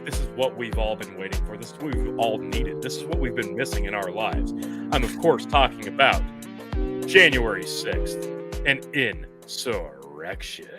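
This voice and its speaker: A man's voice: on the low side, lively intonation, moderate pace. A man co-hosting a comedic podcast, reading listener comments and building up a segment in a mock-dramatic showman style. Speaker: podcast co-host. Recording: loud guitar music underneath.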